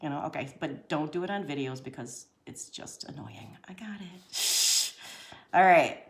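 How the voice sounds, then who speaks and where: A woman's voice: low-pitched, moderate pace, reverberant. A woman giving a casual drawing lesson as she sketches. She talks in a chatty, slangy way and laughs often. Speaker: drawing teacher.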